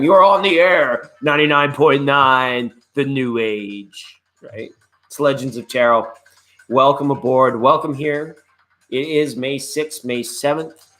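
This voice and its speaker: A man's voice: mid-range voice, a bit bright. A man hosting a live online tarot reading, chatting in a laid-back, rambling way and greeting viewers by name. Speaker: tarot reader and live show host.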